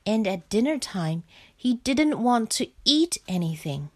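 Slow, expressive woman reading a picture book. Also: fairly high pitch. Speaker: storyteller.

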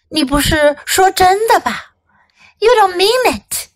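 A woman English teacher reading a storybook to children and slowly explaining phrases. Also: sits high, sing-song. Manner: slow, clear, explaining and repeating for children.

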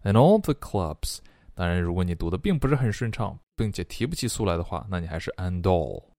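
A man teaching an online English pronunciation and singing lesson. He explains in quick bursts, then slowly models each phrase. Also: low-pitched, expressive, a little mellow, no echo, clean studio sound.

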